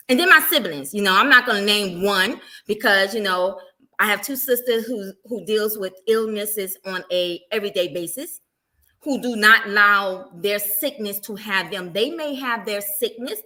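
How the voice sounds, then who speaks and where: Bright-voiced middle-aged woman evangelist. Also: mid-range voice. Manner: animated storytelling, acting out everyday quotes. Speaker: guest evangelist. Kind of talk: casual faith testimony.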